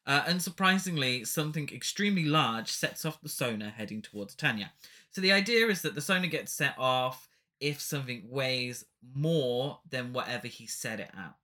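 A man's voice: medium pitch, expressive, normal speed, sharp tone. A man co-hosting a podcast, chatting casually about a film with rambling, jokey asides and frequent laughs. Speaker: podcast co-host. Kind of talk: casual film review chat.

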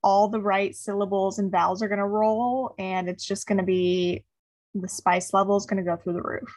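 A woman's voice: mid-range voice, little pitch movement, normal speed, darkish tone. A woman co-hosting a casual book-club podcast. She gushes and reads passages aloud with feeling. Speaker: podcast co-host.

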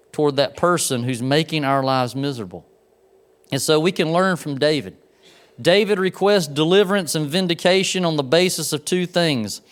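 A man's voice: fairly high pitch, smooth. A man preaching a sermon in a conversational way, talking straight to the congregation and making asides to them. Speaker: pastor.

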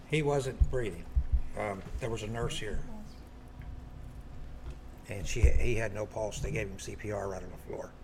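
Witness guest, man, deep gravelly voice, noisy recording. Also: moderate pace, pauses often. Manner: brief interjections. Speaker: eyewitness guest. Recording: background noise.

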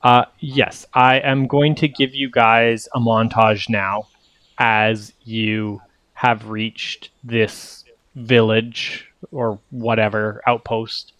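A man running a tabletop game as game master, explaining rules in a relaxed, rambling way with many fillers. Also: mid-range voice, slow, no echo.

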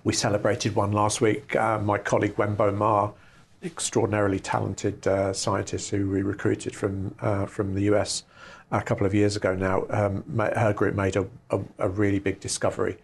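A middle-aged man leads a research institute and explains its work with keen enthusiasm. His low voice has a gravelly, slightly husky texture. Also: completely flat delivery, moderate pace. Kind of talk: interview answers.

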